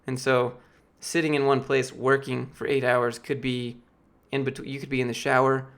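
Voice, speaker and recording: A man's voice: medium pitch, little pitch movement, normal speed, vocal fry, a bit bright. A man in his late twenties, losing his voice, rambling casually as he answers questions from his live-stream chat. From Georgia, US. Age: late 20s. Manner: rambling, filler-heavy, restarts often.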